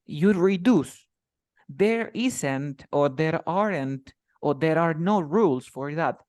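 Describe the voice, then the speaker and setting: A man's voice: fairly high pitch, lively intonation, slow pace, darkish tone, no room sound, studio quality. A man whose first language is Spanish, teaching an English lesson in a casual style and explaining with many examples and repetitions.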